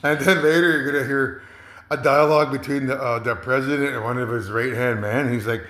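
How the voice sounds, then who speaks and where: A man's voice: mid-range voice, fairly even intonation, fairly quick, a bit bright. A man talking in a rambling monologue, hesitant, with many fillers, repeats and chuckles. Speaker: commentator. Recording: roomy echo.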